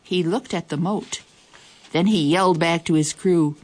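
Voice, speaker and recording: A woman reading a children's story aloud in a lively, expressive way. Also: lowish voice, a little slow. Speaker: storybook reader.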